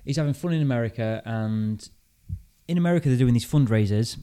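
A man's voice: medium pitch, lively intonation, a little fast, mellow, clean tone. British man casually telling a story. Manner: storytelling, thinking aloud with restarts. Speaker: podcast host. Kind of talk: casual chat.

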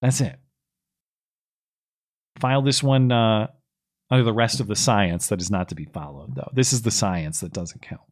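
A man's voice: on the low side, normal speed, pauses often. A man co-hosting a podcast, giving sarcastic, argumentative political commentary. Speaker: podcast co-host.

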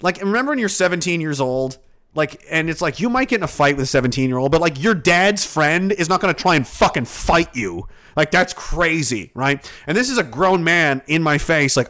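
Male streamer, casual, profane, rambling, animated voice. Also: a little high, moderate pace. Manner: profane, rambling, laughs often. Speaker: streamer reading chat. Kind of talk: casual chat.

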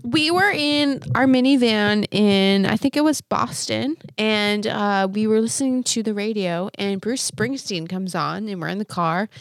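A woman's voice: medium pitch, a little slow, few pauses, no echo. A young woman in casual chat, playful and joking, speaking into a handheld mic. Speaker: gift receiver.

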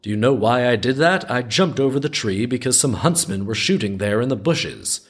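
A man's voice: medium pitch, expressive, moderate pace, slightly rough. A man voicing a boastful, cunning little tailor in a folk tale, speaking in a smug, bragging way.

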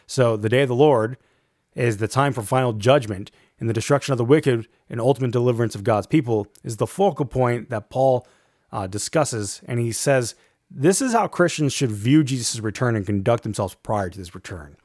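A man giving a measured lecture on a Bible passage, reading verses aloud and adding an um or a "right?" now and then. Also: medium pitch, darkish tone, no room sound, studio quality. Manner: measured, reads quotes aloud, fillers like um and right. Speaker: Bible teacher.

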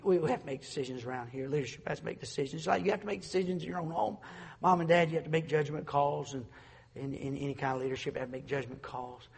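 Male pastor, fervent and slightly higher-pitched, surging then dropping soft, recorded in a reverberant church hall. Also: slightly rough. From North Carolina, USA. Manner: swings from loud preaching to soft, with stumbling restarts. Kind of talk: fervent sermon.

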